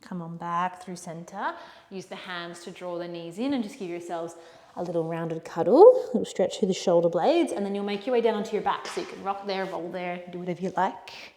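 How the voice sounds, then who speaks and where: A yoga instructor guides a class with gentle, encouraging cues for poses and breaths, addressing students as "my friends" and "yogis." Her voice is on the low side and fairly quick, and the echoey room leaves a long reverb.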